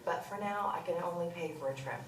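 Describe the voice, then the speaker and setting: A woman's voice: lowish voice, natural voice. An actress playing an insistent salon client who wants more than she pays for. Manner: insistent, rapid. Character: stubborn female salon client wanting freebies. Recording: distant echoey playback, faint noise.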